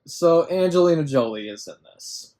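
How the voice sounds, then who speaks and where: A man's voice: on the high side, expressive, normal speed, mellow. A man co-hosting a podcast, chatting casually about a film, rambling, incredulous, swearing and laughing as he goes. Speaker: podcast co-host. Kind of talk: casual film review chat.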